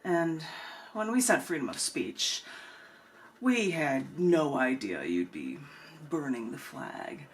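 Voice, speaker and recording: A woman's voice: very deep voice, very animated, slow pace, slight background noise, exaggerated voice. A woman voicing a blustery, preachy male ghost of a founding father who calls on the phone and lectures. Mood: lecturing.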